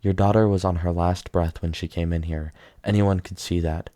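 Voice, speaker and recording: A man's voice: deep voice, fairly even intonation, moderate pace, warm tone, dry recording, studio quality, natural voice. A man reading the part of a shy teenage girl who speaks earnestly and scolds firmly. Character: shy teenage girl, firm when defending family.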